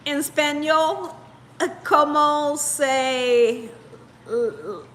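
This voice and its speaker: This cooking show host has a high-pitched, fairly bright voice and speaks very slowly. She's running a live cooking stream, chatting casually with viewers, and sounds tired. She's giggly and laughs often while reading the comments.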